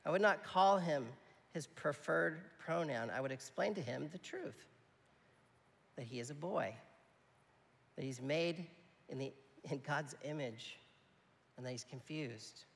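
A man delivers a sermon in a conversational, emphatic style, often turning to his listeners for agreement. His voice sits a bit high and carries a gravelly edge. The sound trails off into a long hall reverb. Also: unhurried, pauses often, a bit bright. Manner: conversational preaching, checks in with the audience. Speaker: pastor.

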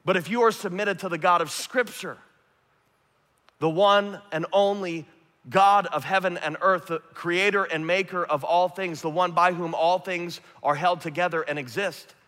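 A man preaching a sermon, earnest, swinging from emphatic to hushed and soft. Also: sits high, steady tone, normal speed. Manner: earnest, rising to emphatic then dropping to hushed. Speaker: pastor. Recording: long hall reverb.

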